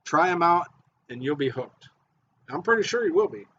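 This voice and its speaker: A man who makes fishing baits and guides charters, giving an excited, repetitive how-to talk. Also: on the high side, normal speed, a little hiss or hum. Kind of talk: casual how-to video talk. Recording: dull lo-fi audio.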